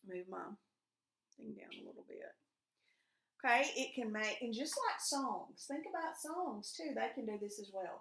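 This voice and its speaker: A woman teaches a recorded reading lesson to young pupils. She speaks in a somewhat high voice, patient and guiding, and keeps asking them questions. The room has a noticeable echo. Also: fairly bright tone. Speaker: elementary school teacher. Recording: echoey room.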